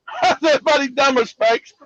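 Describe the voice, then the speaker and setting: High-voiced brash man, profane and laughing. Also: background noise. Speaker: show host. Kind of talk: casual political talk show.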